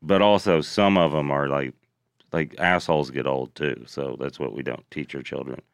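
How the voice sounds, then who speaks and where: Very deep-voiced man, animated storyteller. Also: moderate pace, vocal fry, no room sound. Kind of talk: casual comedic chat.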